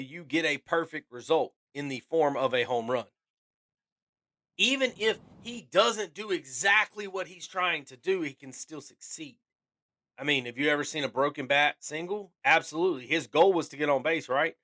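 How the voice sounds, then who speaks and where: A man co-hosting a casual podcast, his voice pitched a little high and sounding bright and forceful. He talks in an animated, emphatic way and repeats phrases to drive his points home. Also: normal speed. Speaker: podcast co-host.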